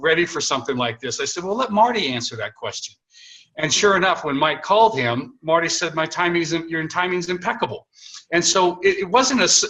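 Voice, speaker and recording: Middle-aged male co-host, bright forceful voice, lively storyteller who acts out dialogue. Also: fairly high pitch. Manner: animated, acts out quoted dialogue, frequent restarts. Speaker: co-host of a network marketing call. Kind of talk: conversational storytelling.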